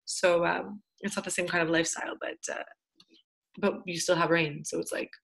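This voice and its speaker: A woman's voice: fairly low pitch, steady tone, fairly quick, vocal fry, a bit bright. A woman from Montreal, a yoga teacher talking as a podcast guest in a chatty, rambling way and laughing often. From Montreal, Canada. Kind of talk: casual interview chat.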